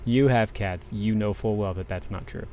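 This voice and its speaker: Man, low voice, mellow tone, rambling chat while cross-stitching, faint background hiss. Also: moderate pace. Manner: rambling, restarts, talks while working thread. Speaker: livestream host. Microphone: desk microphone.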